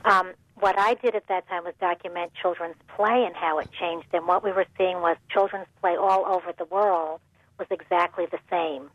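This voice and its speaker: A woman's voice: fairly low pitch, fairly even intonation, normal speed, no echo, lo-fi sound. A woman professor, a guest on a radio show, explaining her research earnestly. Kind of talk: radio interview.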